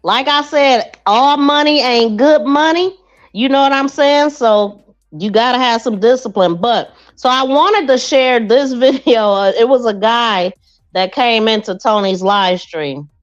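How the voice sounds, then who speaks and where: A woman's voice: fairly high pitch, a little slow. A woman hosting a true crime livestream podcast, chatting casually with her listeners. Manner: chatty, addresses listeners as y'all. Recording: dull lo-fi stream audio.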